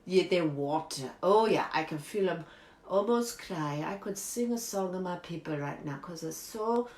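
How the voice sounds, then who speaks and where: A woman's voice: lowish voice, moderate pace, lightly acted. A woman doing a quirky beauty guru, echoey room. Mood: earnest. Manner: earnest and deadpan, with playful broken English. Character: eccentric foreign woman giving absurd beauty tips. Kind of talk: improvised comedy character monologue.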